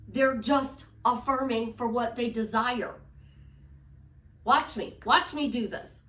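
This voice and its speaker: High-voiced woman life coach, echoey room. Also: slow, a bit bright, distant mic. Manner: emphatic, acts out clients' doubts in quoted voices. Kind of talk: casual motivational talk.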